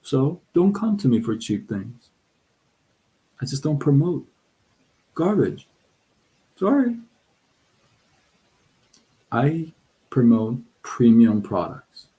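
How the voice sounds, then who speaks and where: Middle-aged man, casual live stream host, animated and excitable, mellow voice. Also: mid-range voice, slow pace, long pauses, poor audio. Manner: animated, excitable, frequent restarts. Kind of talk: casual livestream talk. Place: Southern California.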